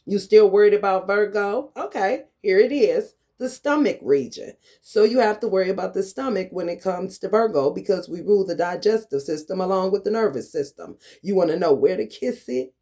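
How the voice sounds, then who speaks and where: A man's voice: high voice, brisk, hardly any pauses. Man in an angry, profane rant. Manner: profane, confrontational, swings from loud to muttered. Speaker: vlogger. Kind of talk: angry ranting monologue.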